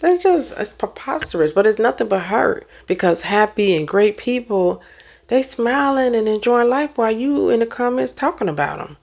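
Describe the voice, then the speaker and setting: Gravelly, lively woman vlogger. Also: fairly high pitch, moderate pace. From United States. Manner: animated, preachy, talks back to commenters. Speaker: therapist and life coach. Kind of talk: casual motivational vlog talk.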